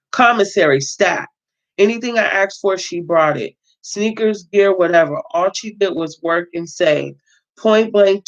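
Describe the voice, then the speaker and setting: A woman hosting a casual book reading, reading a novel aloud and breaking in with her own blunt, emphatic remarks. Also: on the low side. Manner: emphatic, talks back to the text, swears freely. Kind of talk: casual read-aloud with reactions. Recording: dull lo-fi sound.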